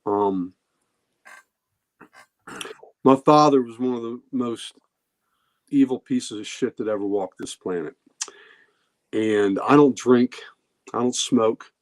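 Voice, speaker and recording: A man hosting a podcast, talking candidly and emotionally in casual comic-book commentary, with halting pauses. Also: lowish voice. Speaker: podcast host.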